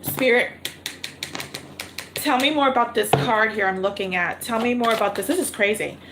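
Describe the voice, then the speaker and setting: A woman's voice: a little high, moderate pace, noisy background. A woman reading tarot cards on a livestream, thinking aloud and repeating her questions to spirit. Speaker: tarot reader. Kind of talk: live-streamed tarot reading.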